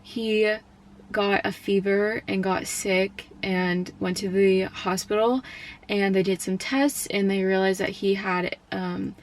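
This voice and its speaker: Soft-spoken young woman, tearful and halting. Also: medium pitch, fairly even intonation. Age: young adult. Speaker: college student. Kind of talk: personal storytelling vlog.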